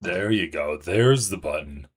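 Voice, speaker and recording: Low-pitched male streamer, sarcastic and incredulous, casual commentary. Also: animated, a little slow, music in the background. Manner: incredulous, sarcastic, swears freely. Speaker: streamer reacting to a podcast clip.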